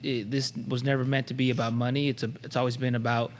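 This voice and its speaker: A man's voice: mid-range voice, flat delivery, quick pace. Thoughtful podcast host guy, mid voice, kinda restarts a lot, long room reverb, faint hiss. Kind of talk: reflective podcast chat.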